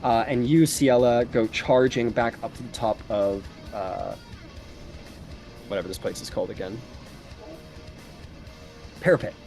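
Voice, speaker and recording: A man's voice: medium pitch, fairly even intonation, measured pace, long pauses. A man narrating a tabletop game as game master, in a loose, casual style full of fillers. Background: faint background music.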